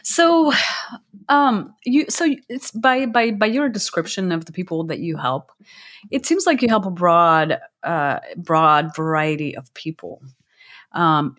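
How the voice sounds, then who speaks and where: Female podcast host, lowish voice, halting chatty delivery. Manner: hesitant, restarts often. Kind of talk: casual podcast interview.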